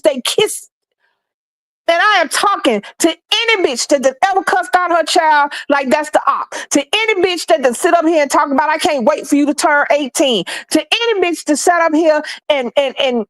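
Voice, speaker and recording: With an extremely high-pitched voice captured in a dry recording, a middle-aged woman vents on stream. She rants passionately and bluntly about her opinions, swearing heavily and repeating herself to drive points home.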